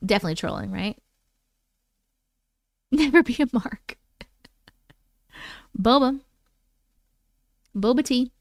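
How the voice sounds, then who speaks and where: Woman livestream host, playful and chatty with casual swearing, slightly high voice, dry close sound. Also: animated, slow pace, gravelly, long pauses, dry recording. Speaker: livestream host reading viewer stories. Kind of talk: casual live chat and story reading.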